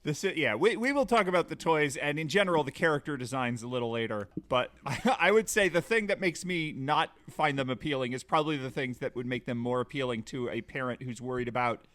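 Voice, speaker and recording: A man co-hosting a podcast, talking casually in a measured way with jokey interjections. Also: medium pitch, expressive, a bit bright. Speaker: podcast co-host. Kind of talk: casual chat.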